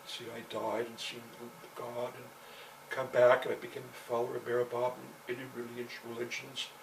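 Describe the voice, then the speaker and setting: A man's voice: medium pitch, monotone, normal speed. A man telling a long personal story in a meandering, profane way, with constant "you know" fillers. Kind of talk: rambling personal storytelling monologue. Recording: distant mic with faint background noise.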